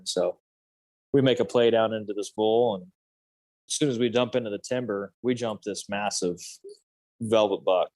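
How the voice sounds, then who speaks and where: A man's voice: lowish voice, darkish tone, no room sound. A man in his thirties telling a story as a podcast guest, loose and rambling, full of fillers. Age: 30s. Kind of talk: casual storytelling.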